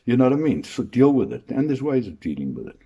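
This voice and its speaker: Husky, animated male comedian. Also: medium pitch, fast talker, muffled recording. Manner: rambling, crude, rhetorical questions. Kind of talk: stand-up monologue.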